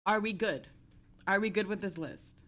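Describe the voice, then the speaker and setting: A woman's voice: mid-range voice, normal speed, fairly bright tone. A young woman streaming, chatting casually with her viewers, swearing offhand and laughing often.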